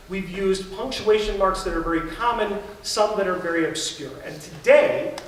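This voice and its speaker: A man's voice: high voice, fairly bright tone, a little hiss or hum. A man preaching a sermon as a pastor in a church, telling stories in a conversational way. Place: church sanctuary. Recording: very echoey church, distant mic.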